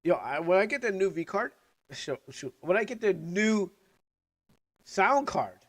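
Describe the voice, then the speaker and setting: A man's voice: high voice, very animated, a little slow. Sick young man rambling with candy in mouth. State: sick, coughing, recovering lungs. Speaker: streamer. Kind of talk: casual livestream chat.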